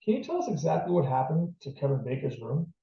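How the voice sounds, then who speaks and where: Man reading as a calm, authoritative police captain, storybook reading, gravelly, echoey distant room. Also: on the high side, fast. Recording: distant, roomy, dull lo-fi.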